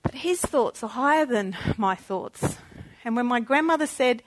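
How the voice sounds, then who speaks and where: A woman's voice: a little high, lively intonation, a little slow, a little hiss or hum. Impassioned woman giving a testimony. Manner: passionate, swings between hushed and loud; conversational, asks the audience questions. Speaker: speaker sharing a personal testimony. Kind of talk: testimony talk.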